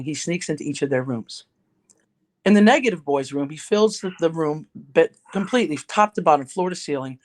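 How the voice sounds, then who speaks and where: A middle-aged woman, a ghostwriter and speaker, telling an anecdote as a podcast guest in an animated, conversational way. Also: sits low. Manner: animated, conversational storyteller with restarts. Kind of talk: told anecdote and podcast chat.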